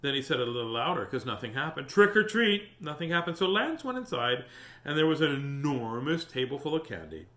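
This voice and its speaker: A man's voice: mid-range voice, a little fast. A man hosting a storytime, reading a picture book aloud and chatting with viewers. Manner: animated, chatty, greets viewers. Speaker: storytime host. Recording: roomy echo.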